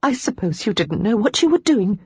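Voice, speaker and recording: A woman narrator voicing a spirited young lady in a romance audiobook, pitched higher and playful. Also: very animated, moderate pace, darkish tone, husky, no room sound. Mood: teasing.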